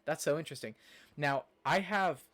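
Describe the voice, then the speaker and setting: A man's voice: on the high side, moderate pace, a bit bright. Chatty young man streaming. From Nebraska, USA. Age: young adult. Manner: rambling, chatty, lots of fillers, reacts to chat. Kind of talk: casual live-stream chat.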